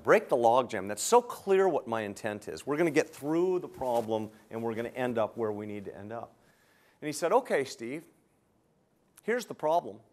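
A man's voice: mid-range voice, big pitch swings, moderate pace. An older man teaching hotel sales, telling a story and acting out both sides of his phone calls.

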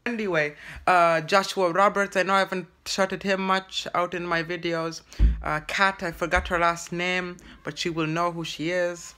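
Bright, halting vlogger in a put-on broken English. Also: medium pitch, little pitch movement. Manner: halting and rambling, full of stammered restarts. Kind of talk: comedic vlog monologue in character.

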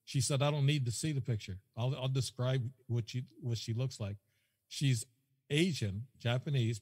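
A man's voice: mid-range voice, a little mellow, husky, big-room sound. A man as a podcast guest, telling a rambling story that repeats itself and quotes whole conversations. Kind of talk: casual storytelling.

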